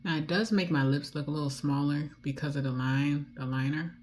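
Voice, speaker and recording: Woman, D.C. accent, deep speaking voice, rambling beauty-vlog chatter with quiet muttered asides. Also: steady tone, brisk, slight background noise. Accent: Washington, D.C. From Washington, D.C. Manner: rambling, chatty, drifts off topic; soft muttered asides while applying lipstick. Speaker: beauty vlogger. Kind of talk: casual chat while doing makeup.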